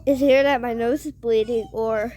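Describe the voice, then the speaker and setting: A woman's voice: on the high side, steady tone, normal speed, warm tone. A female speaker acting out a home-made pretend-play scene, giggling often and playing up the panic melodramatically.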